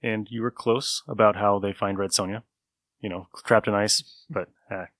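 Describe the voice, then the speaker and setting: A man's voice: lowish voice, steady tone, moderate pace, a bit bright, no room sound. Laid-back man on a dry mic. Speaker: podcast co-host reviewing comics. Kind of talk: casual chat.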